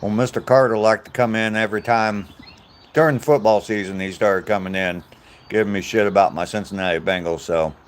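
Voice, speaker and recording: Older American man, very low voice, rambling jokey stream host, faint outdoor hum behind. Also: steady tone, a little fast. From United States. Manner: rambling, jokey, laughs at own stories. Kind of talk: casual chat with live chat viewers. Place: outdoors on a walk.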